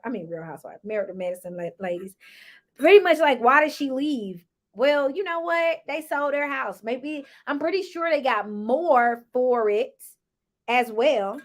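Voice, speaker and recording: A woman casually recapping a reality TV episode, chatty and sassy, often acting out what people said. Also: high-pitched. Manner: animated, acts out cast members' lines.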